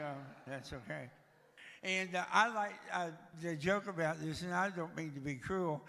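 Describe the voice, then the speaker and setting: Heavy, audible breaths punctuate the delivery of a sixties-aged guest speaker from Tennessee, who jokes self-deprecatingly while telling life stories as humorous testimony in a church sanctuary. His voice is a little high, creaky, and fairly bright. It echoes through a reverberant church hall.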